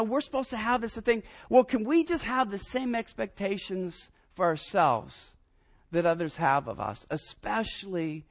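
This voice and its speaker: A man in his fifties, a pastor preaching a sermon, telling personal stories in an animated way and often repeating his first words. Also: high-pitched. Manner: animated storyteller, repeats words when starting sentences.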